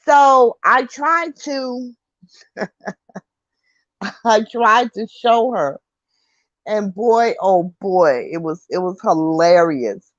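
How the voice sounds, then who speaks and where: Speaking very slowly with frequent pauses, an older woman with a medium-pitched, lively voice chats casually on her online talk show. She reads viewer comments, laughs lightly and swears mildly, in a muffled recording with no echo.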